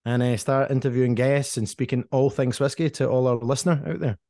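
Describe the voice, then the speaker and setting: A man's voice: medium pitch, fairly even intonation, fairly quick, mellow, no echo. A man co-hosts a whisky podcast in easygoing chat, joking and poking fun at himself. The recording is very dry and close, with no room sound at all. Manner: jokey, self-deprecating. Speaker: podcast co-host.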